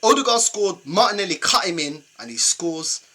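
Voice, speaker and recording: A man's voice: high voice, expressive, moderate pace, bright, forceful tone. A young man with a London accent ranting exasperatedly in a football fan reaction video, slangy and repetitive. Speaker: football fan channel host. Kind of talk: fan match reaction rant.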